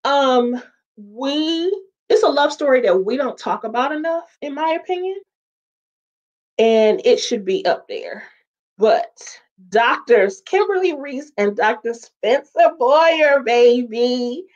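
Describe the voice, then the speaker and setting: Woman host, lively pitch, unhurried, muffled lo-fi sound. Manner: animated, chatty, talks straight to viewers with "y'all" and "child". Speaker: host of a sitcom talk show. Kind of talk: casual livestream chat with viewers.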